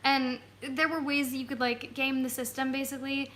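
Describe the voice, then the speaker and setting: A woman's voice: sits high, flat delivery, a little fast, a bit bright, slight background noise. A woman hosting a casual travel live stream from home on a phone, bubbly and giggly. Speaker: travel vlog host.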